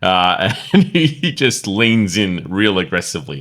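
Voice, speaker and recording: A man's voice: sits low, very animated, a little slow, fairly bright tone. A man co-hosting a casual film review podcast, chatty and self-deprecating, laughing often. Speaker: podcast co-host.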